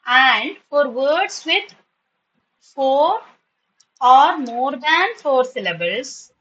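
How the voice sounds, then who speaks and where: A woman teaching an online English class, patiently spelling words and repeating them slowly. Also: high voice, lively intonation, a bit bright, lo-fi sound.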